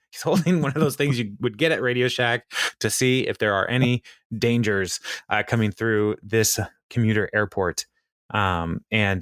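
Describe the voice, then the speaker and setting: A man's voice: lowish voice, fairly bright tone, dry recording, studio quality. A man co-hosting a podcast, casually retelling a TV episode scene by scene, with lots of fillers and laughing as he quotes the characters. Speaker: podcast co-host recapping an episode.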